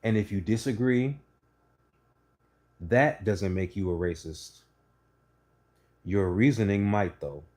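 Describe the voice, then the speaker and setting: A man telling stories and opinions to his channel in a blunt, profane, animated way while sitting on a couch indoors. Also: on the low side, slow pace, pauses often. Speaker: channel host. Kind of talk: casual opinion monologue.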